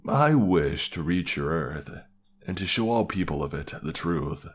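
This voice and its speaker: A man voicing a genderless, all-knowing being at the edge of the internet, speaking slowly and plainly. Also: low-pitched, expressive, breathy edge, heavily acted. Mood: ominous. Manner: slow, plain, commanding.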